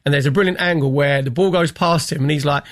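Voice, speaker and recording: A man's voice: a little high, fast talker, no room sound. A man talking football on a radio panel in a studio, chatty and enthusiastic as he breaks down plays. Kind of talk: animated football analysis.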